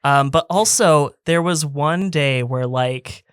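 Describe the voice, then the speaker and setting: Smooth-voiced man in podcast chat. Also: on the high side, takes it slowly, no echo, clean studio sound. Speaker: podcast co-host. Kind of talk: casual chat reviewing games.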